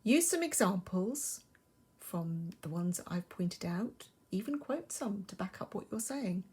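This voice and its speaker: A woman's voice: mid-range voice, lively intonation, a little slow, darkish tone, husky. A woman with an English accent, a primary school teacher, giving a recorded lesson and explaining patiently and expressively.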